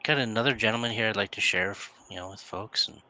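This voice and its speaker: A man's voice: lowish voice, fast, pushed and bright, rough recording. A man hosting a casual interview, answering with short affirmations and hesitant fillers. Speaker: interview host.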